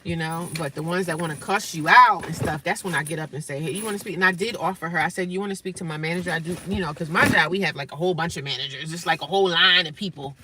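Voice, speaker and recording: A woman's voice: fairly low pitch, quick pace, few pauses, noisy background. A woman from New Jersey telling a blunt, profane story about a rude customer, laughing often and mimicking callers in exaggerated voices. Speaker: vlogger. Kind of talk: casual storytelling rant.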